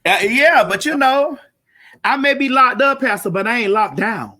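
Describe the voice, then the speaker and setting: A woman hosting a live-streamed comedy talk show, loud, brash and profane, hollering at her audience. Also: a little high, animated, moderate pace. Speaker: host.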